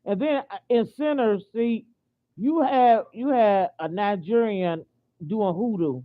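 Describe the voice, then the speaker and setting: An American vlogger from the United States, a woman with a mid-range voice, rants slowly in a casual opinion video. She sounds indignant and repeats herself, stopping and restarting sentences and using lots of fillers. The audio is tinny, like a phone.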